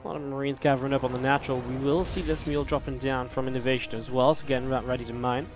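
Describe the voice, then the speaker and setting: A male esports caster gives running play-by-play and chats straight to his viewers, with a mid-range voice that sounds a little strained. Soft music plays faintly behind him. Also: medium pitch. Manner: chatty, rambling, talks to viewers directly. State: slightly strained voice. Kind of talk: live play-by-play game commentary.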